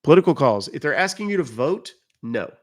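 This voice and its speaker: A man's voice: fairly high pitch, big pitch swings, brisk. A man hosting a live stream, chatting casually with viewers, reading out their comments and explaining phone and email rules. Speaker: livestream host.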